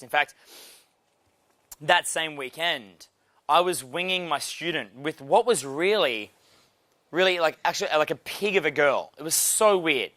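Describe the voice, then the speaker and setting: Australian male coach, young, brash and profane, bright forceful tone, slightly high voice. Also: normal speed, dry recording. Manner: brash, swearing, animated storytelling. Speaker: dating coach. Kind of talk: casual instructional talk.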